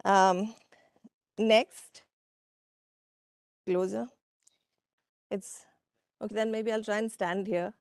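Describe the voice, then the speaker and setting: A woman giving a workshop presentation from slides, speaking in a measured way with frequent fillers and asides to the audience. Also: medium pitch, fairly even intonation, gravelly, clear, resonant tone, no room sound, studio quality. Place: conference room.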